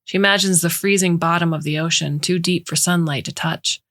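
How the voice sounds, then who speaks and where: A woman narrating a short story in a measured, even way. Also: lowish voice.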